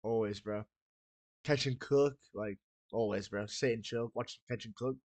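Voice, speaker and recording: A man's voice: medium pitch, a little slow, a little mellow, no room sound. Give me a young man doing casual reaction commentary, slangy and profane, on a dry close mic. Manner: slangy, profane, says bro constantly. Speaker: reaction video host.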